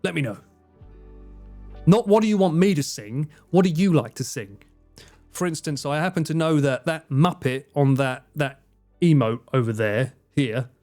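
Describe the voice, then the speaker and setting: This man's voice is a little high and a little mellow. Originally from Essex, England, and carrying an Essex accent, he chats on a live stream from his home in Japan. He's self-deprecating and thanks viewers by name.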